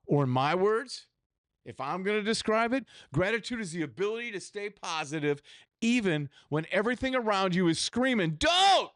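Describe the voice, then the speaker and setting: A man's voice: high-pitched, lively intonation, brisk, a bit bright, dry recording, studio quality. A man hosting a solo podcast, talking in a candid, profane, rambling way with restarts. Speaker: podcast host. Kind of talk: solo reflective podcast monologue.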